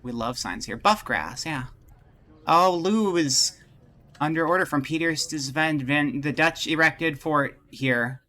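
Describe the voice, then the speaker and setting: A man's voice: fairly high pitch, expressive, measured pace, sharp tone. A man streaming live, chatting casually with his viewers, rambling and joking as he thinks aloud and greets people from chat.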